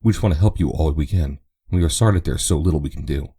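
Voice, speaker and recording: A man reading the part of a courteous young ranch man in a gentle, reassuring way. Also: rumbling low, racing, slightly rough.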